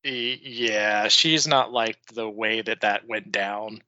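A man's voice: fairly low pitch, steady tone, slow, sharp tone, no room sound. A man co-hosting a podcast in casual chat, talking in a chatty, profane way and laughing at his own stories. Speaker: podcast co-host. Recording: dull lo-fi dry recording.

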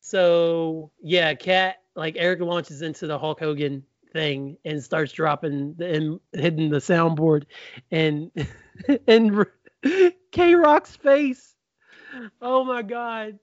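A man's voice: fairly high pitch, slow pace, no echo, dull audio. A man hosting a wrestling podcast, chatting casually and telling stories with lots of laughter. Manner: laughing, animated storytelling. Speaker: podcast host. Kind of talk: casual banter.

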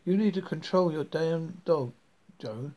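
A man's voice: a little high, unhurried, dark tone, lightly acted. A man voicing a greedy, scornful neighbour who speaks dismissively and mockingly.

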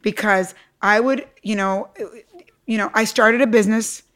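This middle-aged Cuban woman, an entrepreneur guest in a podcast interview, has a clear, resonant, mid-range voice and a measured pace. She recounts her story with emphatic energy, staying animated and acting out the quotes.

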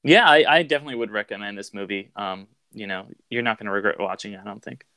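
A man's voice: lowish voice, fast talker, pushed and bright, clear, resonant tone, dry recording. A man co-hosting a casual film-review podcast, talking loosely with swearing and lots of "like". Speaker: podcast co-host.

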